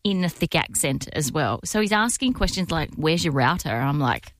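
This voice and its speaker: A woman's voice: deep voice, big pitch swings, normal speed, no echo, studio quality. A woman hosting a radio show, telling a funny story in casual chat and laughing often. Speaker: radio host.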